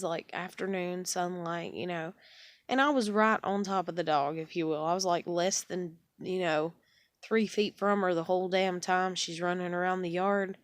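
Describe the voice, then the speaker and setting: A woman's voice: mid-range voice, dry recording, clean studio sound. A young woman venting in a rambling, frustrated way, swearing often. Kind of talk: casual venting monologue.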